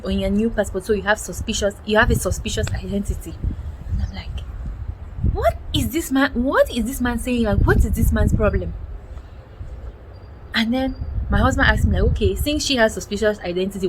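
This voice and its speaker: A young woman from Cameroon animatedly retelling a personal story, acting out quoted dialogue with frequent exclamations. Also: medium pitch. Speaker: vlogger. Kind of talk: storytelling vlog. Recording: noticeable background noise.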